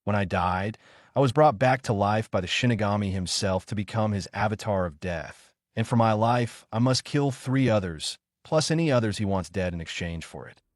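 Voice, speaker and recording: A man voicing a young male ninja who is cool-headed but quick to anger. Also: fairly low pitch, animated, no echo, studio quality, lightly acted. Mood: calm.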